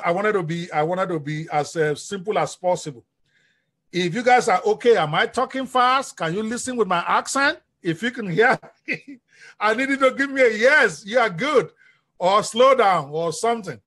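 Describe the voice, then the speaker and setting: Energetic coach, male, high husky voice, live-stream delivery. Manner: energetic, preacher-like, asks the audience questions. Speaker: business coach.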